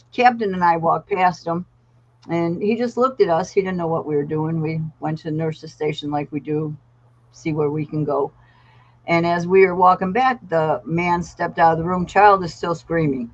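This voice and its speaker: A woman guest, a therapy dog trainer, telling animated stories on a podcast. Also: low-pitched, normal speed, lo-fi sound. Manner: animated storyteller acting out voices. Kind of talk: podcast storytelling.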